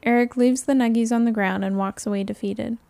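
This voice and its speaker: A woman narrating an improvised comedy story in a deadpan way on a podcast. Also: fairly high pitch, a little fast, vocal fry, no room sound.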